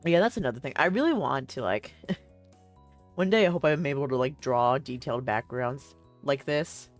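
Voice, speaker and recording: A woman's voice: extremely low pitch, lively intonation, moderate pace, soft background music. A young woman streaming a game, chatting casually and reading the story aloud, rambling with many fillers and frequent laughs.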